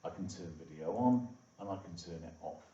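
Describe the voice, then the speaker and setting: Here a low, mellow male voice moves briskly through a screen-recorded coding lesson, with a faint hiss or hum in the background. His delivery is conversational and packed with "okay" and "all right." The room sound is echoey, far-off and muffled, with a lo-fi quality.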